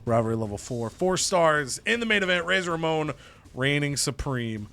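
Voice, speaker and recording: A man calling a wrestling match in a game with animated, dramatic play-by-play. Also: on the high side, normal speed, soft background music.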